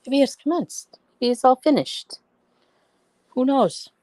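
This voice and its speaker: A woman's voice: high voice, expressive, slow, dark tone, no room sound. A woman hosting a casual live stream, talking straight to her viewers and telling stories bluntly with plenty of swearing. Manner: blunt, swears freely, venting; chatty storyteller, talks to viewers. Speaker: livestream host.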